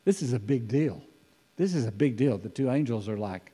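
A man's voice: medium pitch, normal speed, breathy edge. Conversational man preaching in a hall. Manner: conversational, animated, acts out scripture voices. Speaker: pastor. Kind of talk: sermon, expository preaching.

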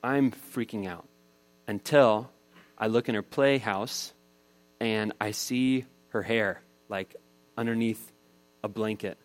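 A man's voice: fairly low pitch, takes it slowly, long pauses. A man in his thirties preaching a sermon, telling a family story in a casual, conversational way. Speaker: pastor.

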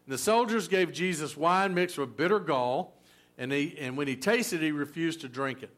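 A man preaching a sermon from the pulpit, fairly high-voiced. He talks to the congregation in a loose, conversational way, full of fillers and restarts. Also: moderate pace, a bit bright. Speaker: pastor.

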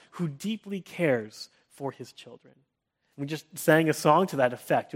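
A pastor in his thirties delivers an earnest sermon in a somewhat high voice. He keeps restarting his phrases and sinks into a soft hush when offering words of comfort.

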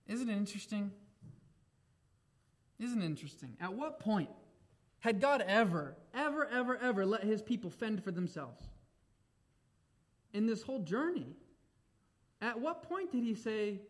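Young man, preacher, high-pitched voice, emphatic delivery, swings between loud and quiet. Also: sing-song, moderate pace, pauses often. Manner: emphatic, shifts between raised exclamations and quiet reflective asides. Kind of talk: sermon.

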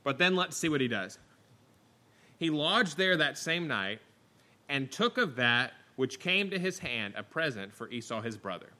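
Man, middle-aged, preacher, sermon, bright forceful voice, animated storytelling, acts out the voices. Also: measured pace. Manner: animated storytelling, acting out the scripture voices with wide pitch swings.

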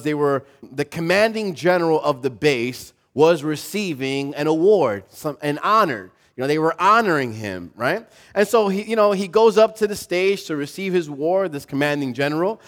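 A man preaches to his congregation, his voice sitting a little high for a man. He tells his story lively, acts out the people in it, and keeps asking the room questions. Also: normal speed, hardly any pauses. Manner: animated, acts out quoted voices, asks the audience questions. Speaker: pastor. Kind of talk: sermon with storytelling.

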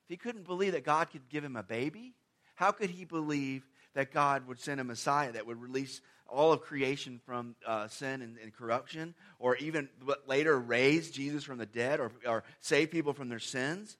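Speaking at a moderate pace in a mid-range voice, this man preaches with conversational emphasis. He fires rhetorical questions and alternates booming, stressed lines with hushed asides.

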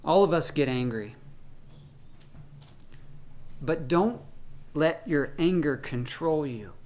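A man's voice: a little high, lively intonation, slow, a little mellow. A man preaching a sermon as pastor, talking conversationally and acting out the voices of people in his stories.

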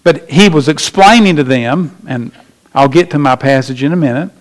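A man preaching a sermon as pastor, emphatic, slowing down and rising in pitch to stress his points.

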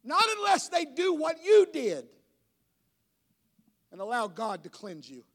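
A man preaching a sermon to a church congregation, building from storytelling to shouting. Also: very high voice, huge pitch swings, a little slow. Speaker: pastor.

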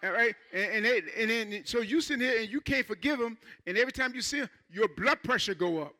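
A male pastor preaching a sermon in church, talking to the congregation in an informal, conversational way and acting out church members in quick asides. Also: very high voice, expressive, pushed and bright.

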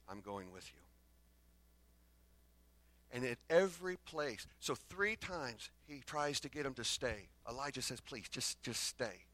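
A man's voice: medium pitch, no room sound. Dynamic male pastor preaching a sermon. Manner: dynamic preaching that swings from loud bursts to hushed lines; acts out the exchanges between the prophets in their own voices.

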